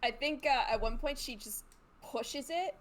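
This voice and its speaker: A woman playing a tabletop game, excitable and quick to laugh, thinking out loud with many restarts. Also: high voice. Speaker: player.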